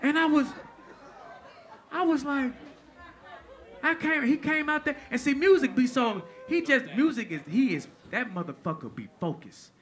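A man doing stand-up, telling an animated, profane story on stage and laughing through it. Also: very high-pitched, normal speed, pauses often. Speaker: stand-up comedian. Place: stage before a live audience. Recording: live show with crowd.

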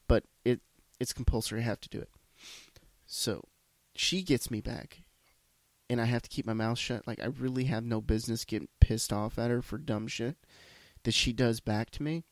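A podcast host, congested from a sinus issue, rambles through a solo casual monologue in a profane, self-deprecating way. His mid-range voice is a little mellow, captured on a podcast microphone with no room sound.

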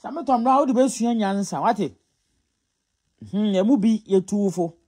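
A man's voice: high-pitched, moderate pace, darkish tone, breathy edge. A Ghanaian man giving casual gossip commentary, mocking and scolding as he mixes Twi and English. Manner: scolding, mocking, often laughing.

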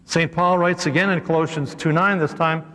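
A man, a priest, giving an animated, conversational teaching talk to a live audience, with humorous asides. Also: on the high side, normal speed. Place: hall with a seated audience. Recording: echoey hall.

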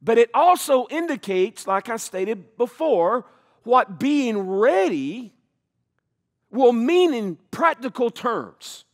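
A middle-aged man delivers a sermon in a lively, high-pitched voice. His pitch rises and falls widely as he preaches. He drags out important phrases for emphasis. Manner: animated preaching, slows for emphasis, occasional laughs. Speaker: pastor.

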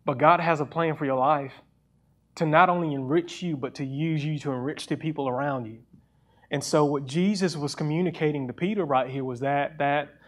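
Earnest young man preaching a sermon. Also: on the high side. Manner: earnest, personal preaching with restarts; reads scripture aloud faster.

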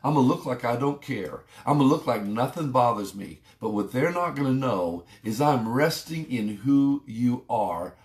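A man's voice: medium pitch, animated, normal speed, few pauses. A man pastor giving a conversational, emphatic devotional sermon. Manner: conversational, emphatic preaching with rising exclamations. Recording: roomy echo.

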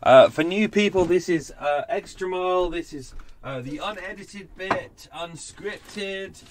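A man's voice: sits high, a little slow, background noise. Rambling man chatting aboard a boat. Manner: rambling, chatty, self-mocking. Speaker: podcast host. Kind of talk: casual unscripted chat. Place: narrowboat cabin.

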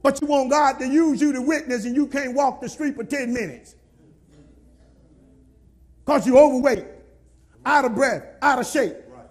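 A pastor with a very high-pitched voice preaches a sermon at a moderate pace with long pauses. He scolds the congregation, repeats himself, and at times shouts.

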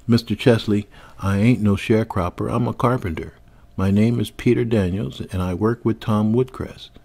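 A man voicing an earnest husky carpenter. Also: on the low side, normal speed, warm tone. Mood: pleading. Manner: polite, pleading, growing desperate. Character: proud Black carpenter husband, earnest.

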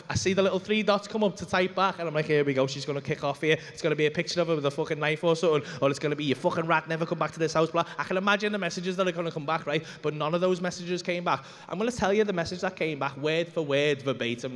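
Fast-talking sweary stand-up comedian. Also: male voice, fairly high pitch. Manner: animated, sweary, acts out quoted voices. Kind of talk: stand-up storytelling. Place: comedy club stage. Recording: live club recording with long reverb and faint room noise.

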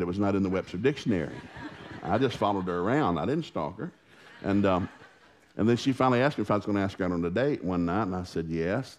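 Low-voiced preacher guy telling family stories, folksy and animated, church sermon. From Oklahoma. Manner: folksy, animated storytelling with acted quotes. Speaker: pastor. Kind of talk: storytelling sermon.

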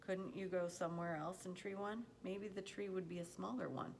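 A woman reading aloud as a patient farmer father speaking to his son in a slow, calm, reassuring way. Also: lowish voice, gravelly, slight background noise, pitched above the performer's own voice. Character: kindly, patient farmer father, middle-aged man.

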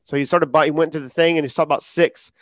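A man talking casually as a podcast guest, acting out quotes in lively storytelling. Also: a little high, quick pace, no room sound, studio quality. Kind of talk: casual interview talk.

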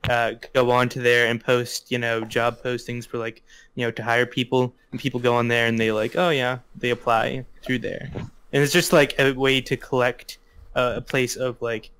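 Smooth-voiced young man, halting. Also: mid-range voice, little pitch movement, fairly bright tone. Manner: halting, filler-heavy, complaining. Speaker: podcast co-host. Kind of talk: casual podcast chat.

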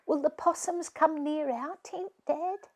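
Timid little boy, eager, higher voice, woman reading it, storybook. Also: measured pace, a little mellow. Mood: nervous. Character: nervous young boy.

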